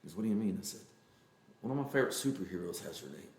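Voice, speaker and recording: A man with a Texan accent, telling a personal story in a casual interview, earnest and halting with many fillers. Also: deep voice, lively intonation, roomy sound. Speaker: interview guest.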